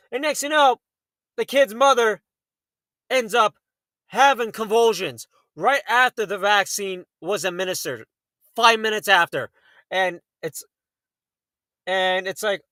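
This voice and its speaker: A man hosting a late-night talk radio show, telling stories in a fast, heated way and acting out the people in them. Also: high-pitched, lively intonation, sharp tone, dry recording, clean studio sound. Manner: fast, heated storytelling with acted quotes.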